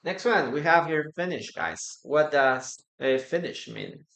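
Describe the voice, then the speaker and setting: Slow-spoken teacher. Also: mid-range voice, a bit bright. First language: Spanish. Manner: repeats words slowly for pronunciation, reads out chat. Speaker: English teacher. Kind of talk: live-streamed English lesson. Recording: roomy echo.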